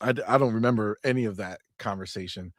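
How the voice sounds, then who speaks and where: A man's voice: fairly low pitch, quick pace, no echo, studio quality. A male livestream host on a podcast, ranting in a profane, exasperated way. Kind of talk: livestream chat.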